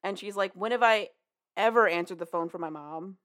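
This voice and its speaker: A woman's voice: medium pitch, a bit bright. A woman chatting casually with a friend, retelling a story and briefly quoting the characters in it. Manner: casual, profane, acts out characters in quick quotes.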